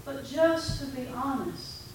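This woman's voice sits high and sounds gravelly, and she speaks slowly. She's a pastor preaching in a conversational way, retelling her talks with a congregant, recorded from far off in an echoey room with faint background noise.

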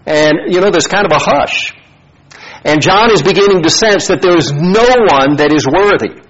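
A man, a pastor, preaching a sermon with animated, dramatic storytelling and rising emphasis. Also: fairly high pitch, normal speed, husky, lo-fi sound.

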